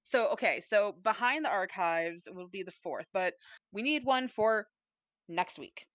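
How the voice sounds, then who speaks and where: A woman's voice: medium pitch, lively intonation, unhurried, fairly bright tone, no room sound. A woman co-hosting a podcast in casual chat, playful and rambling, swearing freely. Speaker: podcast co-host. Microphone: desk mic, typing nearby.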